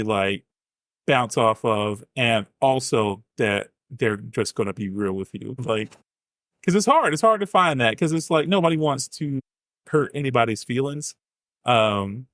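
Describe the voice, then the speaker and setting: A man's voice: on the low side, no echo, clean studio sound. A man, a comedian and writer, chatting as a guest, thinking aloud with lots of "like"s and lifting his voice for quoted thoughts. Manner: reflective, filler-heavy with many "like"s, lifts his voice for quoted thoughts. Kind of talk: casual chat.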